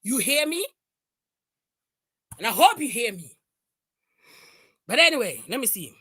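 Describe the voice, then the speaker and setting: A woman on a heated livestream, her voice high and bright, swinging widely in pitch as she confronts and repeats herself. The sound is dry and close. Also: sing-song, measured pace, breathy edge, dry recording. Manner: confrontational, repeats lines, shouts at times. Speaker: livestream host.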